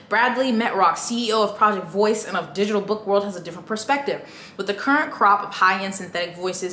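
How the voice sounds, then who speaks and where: A woman's voice: mid-range voice, a bit bright. A woman book vlogger giving casual, emphatic commentary straight to her viewers while reading an article aloud. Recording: echoey room with faint noise.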